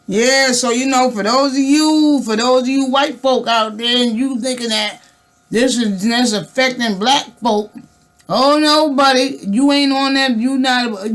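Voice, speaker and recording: Fervent woman vlogger talking to camera. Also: on the high side. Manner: fervent, emphatic, lots of rhetorical questions; loose and conversational, with frequent restarts. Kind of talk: casual talk to camera.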